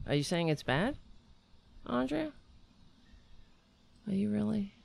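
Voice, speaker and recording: A woman's voice: mid-range voice, very animated, slow pace, vocal fry, darkish tone. A woman hosting a casual livestream chat, rambling, swearing and putting herself down. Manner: self-deprecating, rambling, swears a lot. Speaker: livestream host.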